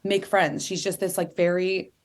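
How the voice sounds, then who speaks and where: A woman in her thirties, an author talking candidly as an interview guest, animated and chatty, full of "like"s. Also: fairly low pitch, normal speed. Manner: animated, chatty, many "like"s, playful voice impressions.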